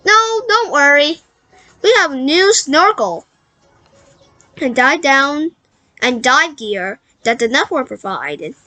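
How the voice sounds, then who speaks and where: A woman's voice: high-pitched, big pitch swings, slow, long pauses, pushed and bright, no room sound, faint music behind, full character voice. A woman reading as a cheerful reassuring mom. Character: cheerful mother reassuring her kids.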